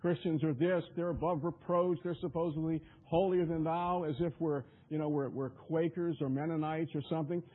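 Brief: a high-voiced, husky male preacher delivering an emphatic, repetitive sermon over a tinny radio line. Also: steady tone, moderate pace, hardly any pauses. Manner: emphatic, repetitive, stumbling restarts.

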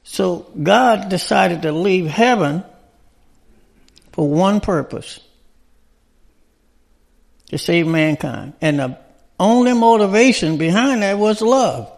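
A man with a fairly high voice preaching a sermon. He talks to the congregation conversationally and keeps checking in with rhetorical questions. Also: lively intonation, slow pace, gravelly, pauses often.

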